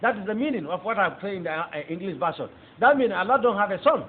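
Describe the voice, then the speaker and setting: A man's voice: high-pitched, lively intonation, fast. A man with a Nigerian accent giving a fervent preaching testimony, emphatic and repeating phrases as he addresses his listeners. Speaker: testifying convert. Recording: tinny phone-like audio with faint background noise.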